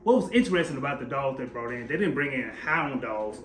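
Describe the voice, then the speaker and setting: A man's voice: mid-range voice, expressive, fast talker, fairly bright tone. A man co-hosting a casual TV recap chat, giving blunt, emphatic opinions. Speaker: podcast co-host. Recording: echoey room with faint noise.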